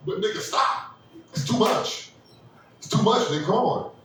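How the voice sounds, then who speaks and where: A man doing a stand-up comedy set, loud and crude, acting out characters in high squealing voices. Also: animated, moderate pace, slight background noise. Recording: echoey room, mic heard from a distance.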